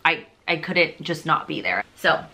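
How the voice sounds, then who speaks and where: A young woman shares her faith testimony in a low yet bright, forceful voice. She talks casually and rambles, leaning on "like" and "you know", and is openly emotional and confessional. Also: very animated, unhurried. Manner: chatty and rambling, heavy on fillers like "like" and "you know".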